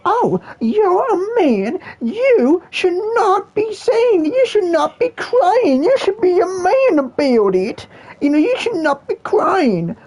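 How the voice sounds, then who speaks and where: A man's voice: very high-pitched, sing-song, slow, a little mellow, pitched above the performer's own voice, full character voice. A man voicing a mocking young woman who scolds men, in a whiny sing-song manner.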